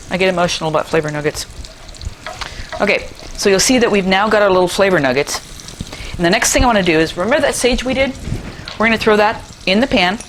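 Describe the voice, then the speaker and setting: A middle-aged woman hosts a cooking show from her kitchen, talking fast in an expressive, mid-range voice with a little hiss or hum in the recording. Chatty and enthusiastic, she demonstrates a recipe and tosses in playful asides.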